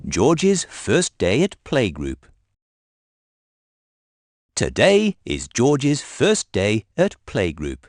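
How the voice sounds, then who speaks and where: A man gently reading a children's storybook aloud in a sing-song, scripted narration. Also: mid-range voice, huge pitch swings, very slow, long pauses, no echo, studio quality.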